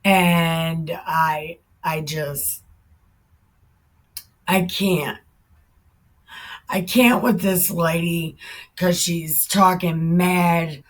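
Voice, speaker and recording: A woman giving heated reaction commentary on the Bible, swearing often and breaking into shouts. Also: fairly low pitch, steady tone, very slow, long pauses. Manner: heated, profane, bursts into shouting.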